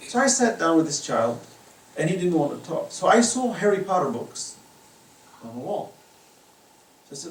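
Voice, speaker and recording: A man's voice: a little high, lively intonation, normal speed. A man giving an impassioned religious lecture at a private home, mixing storytelling with moral teaching. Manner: impassioned, storytelling, varies loudness widely. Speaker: Islamic lecturer. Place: private residence. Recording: echoey room from far off, faint noise.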